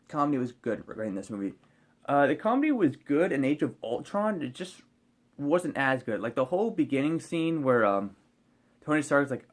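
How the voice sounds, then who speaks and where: A man's voice: medium pitch, lively intonation, normal speed. A man casually reviewing a movie on his vlog, rambling and hesitant, with many fillers and restarts.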